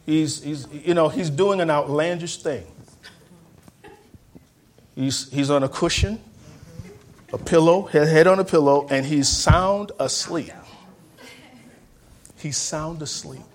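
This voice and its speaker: Dynamic preacher man, loud to hushed. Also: a little high, takes it slowly, pauses often. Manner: repeats phrases for emphasis. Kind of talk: sermon.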